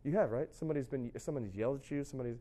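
A man's voice: medium pitch, very fast, warm tone. A middle-aged pastor giving a sermon in a conversational way, often asking his listeners questions. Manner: conversational, asks the audience questions.

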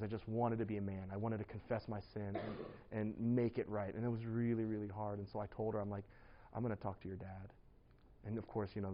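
A man preaching to a congregation, spinning a personal story in a lively, rambling way, full of fillers and quick laughs. His voice swings up and down a lot as he tells it. The recording sounds a bit dull and lo-fi. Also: fairly low pitch.

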